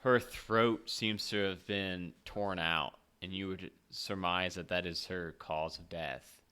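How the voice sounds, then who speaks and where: A game master narrating a tabletop game in a relaxed, halting way, with fillers and laughs. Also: low-pitched, a little hiss or hum.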